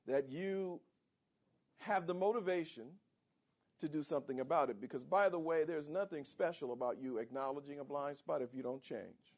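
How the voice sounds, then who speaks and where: Male pastor, sermon, lively swooping pitch, fairly high voice, calls out to the congregation. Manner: animated, calls for audience responses.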